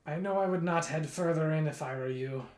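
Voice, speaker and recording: A bewildered, underfed prisoner stammers in a Russian accent, as a man puts him on. The voice sits a bit higher and stumbles over its words. An echoey room surrounds it. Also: darkish tone, lightly acted. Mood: warning. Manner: bewildered, halting. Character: weary, starved human male prisoner. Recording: roomy echo.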